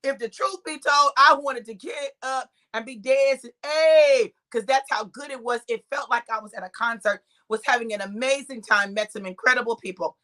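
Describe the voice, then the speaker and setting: Woman preacher telling a story live, high bright voice, laughs a lot and acts out everybody. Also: fairly quick, hardly any pauses. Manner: talks straight to viewers by name. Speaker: preacher and live-stream host. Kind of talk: lively storytelling to a live online audience.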